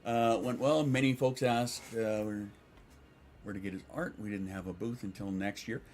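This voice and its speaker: A man talks loosely to his livestream chat in a lowish voice. He rambles, curses freely, and trips over his own sentences as he answers viewers. Casual stream talk. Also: steady tone, moderate pace, darkish tone, slight background noise. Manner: rambling and profane, with frequent restarts.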